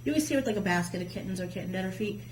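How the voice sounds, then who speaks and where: A woman's voice: medium pitch, racing. Chatty woman in an echoey room. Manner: lively, colloquial storyteller. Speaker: guest. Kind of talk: casual chat and myth storytelling. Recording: echoey room with faint hum.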